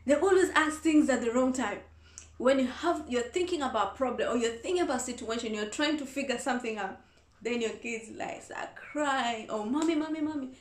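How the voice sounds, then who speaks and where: A woman's voice: on the high side, moderate pace. Earnest woman reverend in echoey room. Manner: earnest, repeats points for emphasis. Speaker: reverend answering viewer questions. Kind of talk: casual advice talk.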